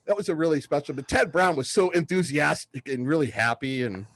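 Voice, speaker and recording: A man in his fifties from southern California co-hosts a casual sports podcast, spinning stories with excitement. His voice sits a little high, and the recording is dry and close. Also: fairly quick, no room sound. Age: 50s. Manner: excitable storyteller, acts out quotes loudly. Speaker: podcast co-host.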